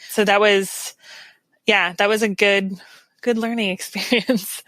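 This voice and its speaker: A woman with a bright, clear voice speaks as a podcast guest. She is earnest and reflective and often laughs softly, recorded on a dry, close mic. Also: medium pitch, dry recording. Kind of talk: casual interview chat.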